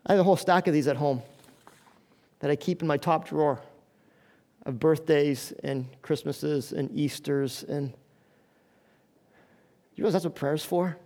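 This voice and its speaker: A man's voice: fairly high pitch, measured pace, pauses often, dark tone. A male pastor preaching a sermon in an earnest, conversational way, asking the congregation questions.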